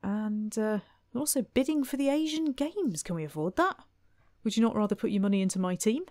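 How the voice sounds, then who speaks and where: A woman's voice: medium pitch, animated, a little fast, a little mellow, dry recording. Wry woman commentating gameplay. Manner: wry, chatty, exasperated asides. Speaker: let's play host.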